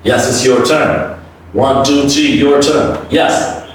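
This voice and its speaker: Male pronunciation coach, slow and deliberate, mic far off in a boomy room. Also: fairly even intonation, very echoey, slight background noise. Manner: drills words aloud, coaxing with frequent "okay?". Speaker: English pronunciation teacher. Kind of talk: classroom pronunciation lesson.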